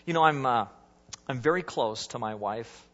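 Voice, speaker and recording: A middle-aged man preaching a sermon as pastor, with a husky voice and an emphatic style that swings between loud rises and soft drops. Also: mid-range voice, normal speed. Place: church sanctuary. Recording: dull sound with long church reverb.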